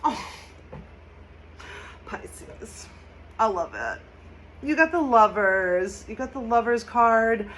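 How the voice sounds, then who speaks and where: This woman's voice is on the high side and expressive, and she speaks a little slowly as she hosts a casual tarot and astrology reading. She's chatty and emphatic, laughing frequently and throwing in loud mock shouts. The audio is poor.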